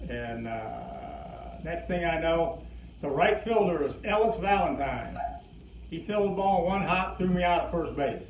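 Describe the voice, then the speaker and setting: An older man, a former pitcher, telling a long casual story and acting out the people he quotes. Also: animated, unhurried, slight background noise. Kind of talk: casual anecdote. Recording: roomy, distant, muffled.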